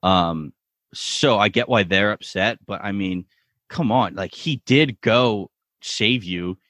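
A man co-hosting a podcast, recapping a TV episode in excitable casual chat, full of "like" and the odd swear. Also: fairly low pitch, slow, no echo. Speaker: podcast co-host.

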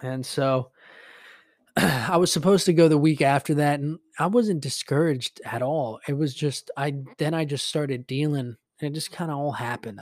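A young man hosting a podcast, telling a story casually with lots of swearing, fillers and animated retelling. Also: medium pitch, no echo, studio quality. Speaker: podcast host.

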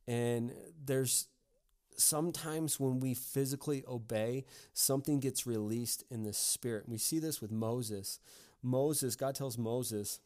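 Earnest male pastor, mellow voice. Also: mid-range voice. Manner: earnest, repeats words, many fillers. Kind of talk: devotional sermon.

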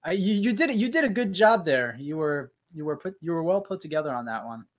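A man's voice: on the high side, very animated, fast talker. A man co-hosting a casual podcast chat, teasing his partner and laughing easily. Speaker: podcast co-host.

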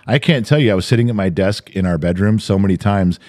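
A man's voice: lowish voice, fast, a little mellow. An older man co-hosting a podcast in casual chat, ranting and swearing freely. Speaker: podcast co-host.

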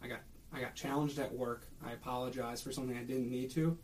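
A man's voice: mid-range voice, steady tone, fast talker, a little mellow, a little hiss or hum. A young man with a Minnesotan accent, co-hosting a casual podcast chat and telling stories in which he acts out his coworkers. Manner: storytelling, acts out coworkers' voices. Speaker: podcast co-host.

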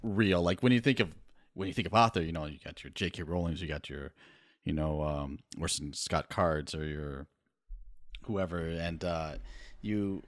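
A man guesting on a podcast as an author, chatting in a relaxed, rambling and self-deprecating way. His voice sits fairly low. The sound is dry and close. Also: moderate pace, no echo. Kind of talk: casual podcast chat.

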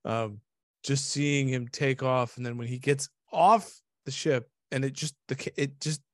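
A man in casual conversation about a film, excited, laughing often and trailing off mid-sentence. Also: medium pitch, measured pace, no echo, clean studio sound. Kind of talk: casual movie review chat.

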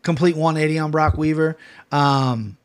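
A man's voice: fairly high pitch, fairly even intonation, normal speed, clear, resonant tone. Rambling, profane man hosting a podcast. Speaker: podcast host. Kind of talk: casual chat.

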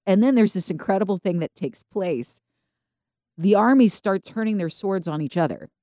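A woman co-hosting a podcast, telling Bible stories casually and acting out the characters in quick voices. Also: medium pitch, no echo, studio quality. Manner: animated storytelling, acts out biblical characters in quick voices. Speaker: podcast co-host.

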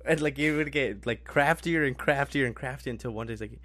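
A man's voice: mid-range voice, huge pitch swings, normal speed, bright, forceful tone, no room sound. A man co-hosting a casual podcast, telling a prank story and laughing a lot as he acts out the voices of the people in it. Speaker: podcast co-host. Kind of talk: casual chat.

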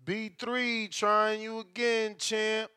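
A man's voice: high-pitched, monotone, slow pace, pushed and bright, clear, resonant tone, no echo, studio quality. A man hosting a live call-in boxing show, talking to callers and chat in slangy, profane, joking banter. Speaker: show host.

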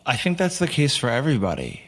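A man from the United States, a podcast guest, telling lively stories and acting out the lines of the people in them. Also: medium pitch, quick pace, breathy edge. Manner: animated storyteller, acts out quotes. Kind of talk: casual storytelling interview.

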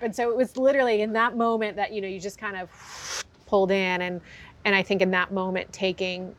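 In a brisk, flat delivery at mid-range pitch, a female horse trainer recounts her story openly during a conversational interview. She acts out the quotes of people she mentions.

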